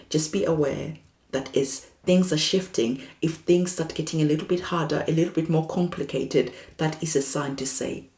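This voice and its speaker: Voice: mid-range voice, darkish tone, roomy sound. A tarot reader giving a spiritual reading in a soothing, reassuring way, repeating phrases as encouragement.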